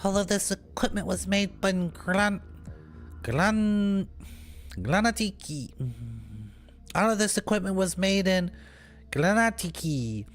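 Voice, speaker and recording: Fields: Sex: man. Figure: fantasy shopkeeper. Style: high, sing-song sales patter. Acting: a man putting on the voice. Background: faint music. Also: expressive, takes it slowly, long pauses. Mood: salesy. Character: eager fantasy shopkeeper hawking gear.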